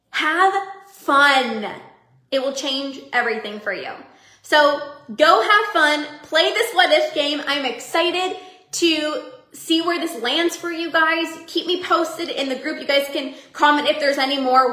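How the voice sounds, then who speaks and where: A woman coach and podcast host giving an energetic, upbeat motivational talk to her members, often laughing. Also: high-pitched, a little slow, roomy sound.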